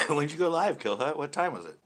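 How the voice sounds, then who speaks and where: A man hosts a relaxed live stream from his home, answering viewers as they drop in. His voice is bright and forceful, and he laughs freely between his chatty remarks. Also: on the high side, moderate pace, slight background noise. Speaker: host of a live after-show stream.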